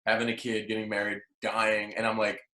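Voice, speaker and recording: A man's voice: lowish voice, completely flat delivery, brisk, bright, forceful tone. A young man and comedian telling loose, swear-filled stories in casual podcast chat. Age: young adult. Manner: loose storytelling, heavy swearing. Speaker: comedian guest. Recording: roomy echo.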